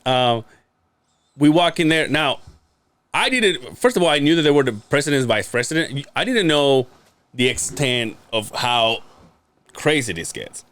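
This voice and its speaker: A man's voice: mid-range voice, measured pace. Guy telling a wild story on a podcast, voice swings all over, laughs a lot, swears. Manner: animated, acts out quotes, swears freely, laughs often. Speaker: podcast co-host. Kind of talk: casual storytelling chat.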